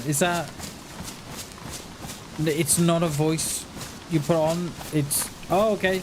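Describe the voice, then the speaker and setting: A man's voice: fairly high pitch, fairly even intonation, takes it slowly, pauses often. A man chatting casually while streaming a game, rambling along with frequent chuckles and self-mocking asides. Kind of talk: casual livestream chat while gaming. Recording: noisy background.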